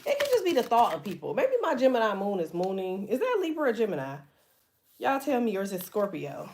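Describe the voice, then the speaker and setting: A woman's voice: medium pitch, huge pitch swings, a little fast, a little mellow. A woman giving a casual tarot reading, blunt and profane, chatting freely with her viewers. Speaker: tarot reader.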